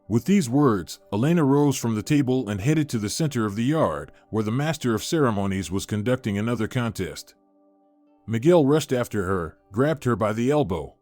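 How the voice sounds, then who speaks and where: Man, story narrator, measured, lively pitch, dry sound, soft music under. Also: dry recording. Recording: dry close recording with faint music.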